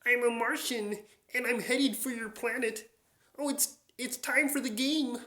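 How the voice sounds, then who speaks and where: Brief: polite little cartoon Martian, high, nasal and slow, in a roomy echo. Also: male voice, fairly even intonation, bright, forceful tone, full character voice. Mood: calm. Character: small male cartoon Martian, calm and polite.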